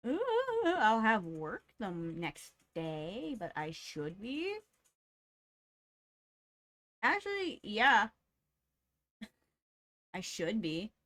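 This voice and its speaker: A woman's voice: medium pitch, big pitch swings, drawn-out words, pauses often, a bit bright. A woman streamer chatting casually with her live chat, greeting viewers by name and laughing often.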